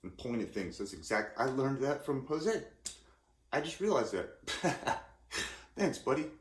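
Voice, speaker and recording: A man's voice: medium pitch, very animated, a little slow. A man in his forties from California, talking casually in a rambling, self-interrupting way with lots of restarts. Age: 40s. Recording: roomy echoey room.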